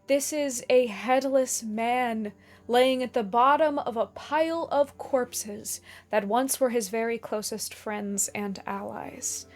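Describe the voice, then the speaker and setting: A woman narrating a scripted video essay in a measured, explanatory way, with dramatic emphasis on key lines. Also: a little high, faint music behind.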